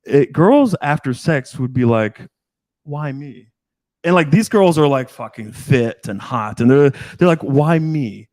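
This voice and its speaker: A middle-aged man with a voice of ordinary pitch, a dating coach in a relaxed chat. He talks bluntly and swears a lot. He breaks into short impressions of the people he describes. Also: normal speed, hardly any pauses. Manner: blunt, profane, acts out quoted voices. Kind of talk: casual podcast chat.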